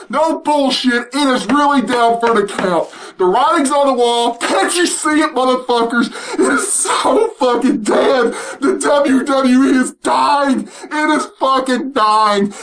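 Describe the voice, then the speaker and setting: High-voiced man ranting and swearing. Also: slight background noise, poor audio. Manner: loud, mocking, laughing, swearing constantly. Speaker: vlogger. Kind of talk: profane rant to camera.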